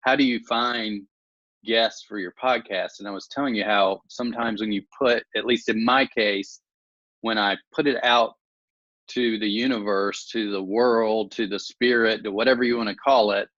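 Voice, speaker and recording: A man's voice: lowish voice, fairly even intonation, normal speed, fairly bright tone, no echo. A man hosting an interview, speaking reflectively and encouragingly in long musing sentences. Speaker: interview host. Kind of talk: casual interview conversation. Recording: dry, dull lo-fi sound.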